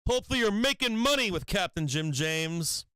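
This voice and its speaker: A man's voice: high voice, expressive, moderate pace, sharp tone, smooth, no room sound. A man hosting a stock trading livestream in casual chat, rambling and swearing freely, often breaking into laughter.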